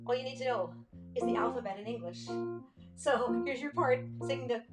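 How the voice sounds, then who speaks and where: Lady hosting a music stream from home, chatty and jokey, high voice, guitar loud behind. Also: moderate pace. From Canada. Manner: chatty, joking, talks to viewers directly. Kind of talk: casual chat between songs. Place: home livestream setup, in front of cameras.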